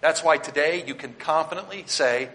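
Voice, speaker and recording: A Baptist pastor preaching a sermon, swinging between loud declarations and quiet asides as he speaks straight to his congregation and points them to their notes. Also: a little high, normal speed. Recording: long hall reverb.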